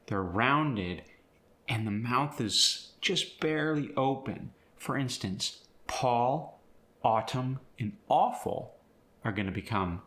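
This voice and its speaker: A man's voice: medium pitch, a bit bright. A man teaching how to speak with a British accent, explaining the sounds and then demonstrating words in the accent. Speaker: acting and accent coach. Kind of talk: instructional video.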